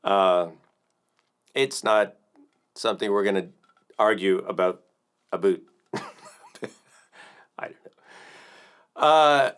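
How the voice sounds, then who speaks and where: This American livestream host and drum teacher speaks extremely slowly in a lowish, expressive voice that's fairly bright and smooth, pausing often. On his casual music stream he rambles and jokes, with many fillers, restarts and self-corrections.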